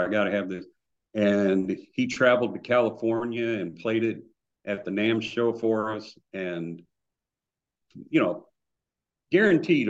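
Guest, male, lower register, storyteller, muffled lo-fi mic. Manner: animated anecdotes with acted-out quotes. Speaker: guitar builder guest. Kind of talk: casual storytelling. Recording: dull lo-fi remote audio.

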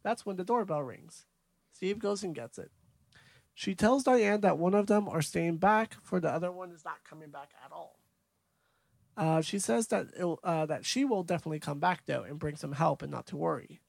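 Man, podcast co-host, gravelly voice, slightly higher pitch, dry close sound, casual movie recap. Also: moderate pace, darkish tone, no echo. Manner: recaps scenes from notes, laid-back.

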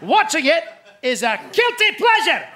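A man hosting a live comedy quiz on a theatre stage, jokey and quick with asides. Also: very high voice, huge pitch swings. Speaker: quiz host. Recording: live theatre audience, light noise. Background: audience laughing and clapping.

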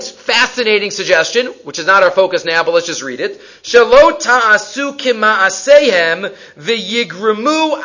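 A man teaching a Torah class on the weekly portion, animated and emphatic, mixing Hebrew and English. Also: high-pitched.

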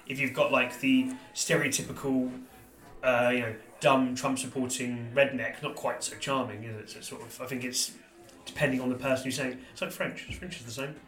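An English man co-hosting a casual wine chat, animated and quick to jump in over others. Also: mid-range voice. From England. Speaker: podcast co-host. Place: members club room. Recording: echoey room.

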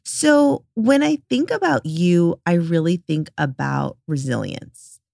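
Woman, podcast host, low voice, gravelly edge, dry sound, enthusiastic chatty manner. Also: expressive, slow, dry recording. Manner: warm, enthusiastic, says "like" often. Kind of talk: casual interview chat.

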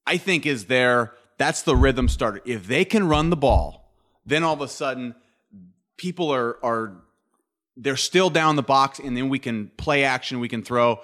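A man speaking as a guest analyst in casual sports talk, explaining plays in a measured way. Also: medium pitch, a bit bright.

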